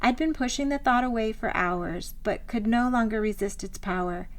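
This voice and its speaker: A woman author reading her own memoir aloud, in a measured, reflective style of scripted narration. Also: on the high side.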